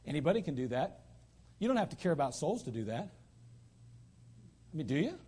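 A man preaches in a church sanctuary, his voice pitched high for a man. He drives his points home emphatically, repeating lines for stress. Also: big pitch swings, brisk, mellow, husky. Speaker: pastor. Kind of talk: sermon.

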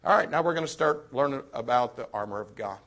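A man preaching a youth sermon, moving from quiet confiding to sudden shouted emphasis. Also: medium pitch, expressive, fast talker.

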